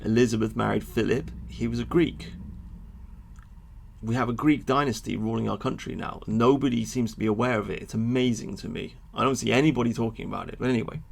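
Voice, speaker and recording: A man giving an animated, sweary monologue to his viewers about history, with frequent asides. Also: mid-range voice, fairly quick, creaky, background noise. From England. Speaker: history vlogger. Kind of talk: ranting monologue to camera.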